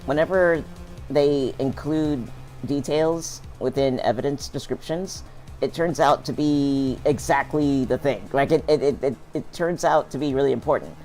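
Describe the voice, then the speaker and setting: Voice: medium pitch, a little slow, a little mellow, faint music behind. A streamer casually commenting while playing a video game, rambling and restarting sentences. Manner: rambling, self-interrupting, laughs a lot. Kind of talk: casual let's-play commentary.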